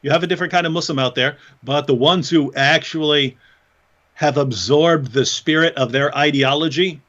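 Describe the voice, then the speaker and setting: A man's voice: fairly high pitch, normal speed. Mocking man on a dull, muffled line. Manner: mocking, animated, laughs often. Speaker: co-host. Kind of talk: casual live-stream chat.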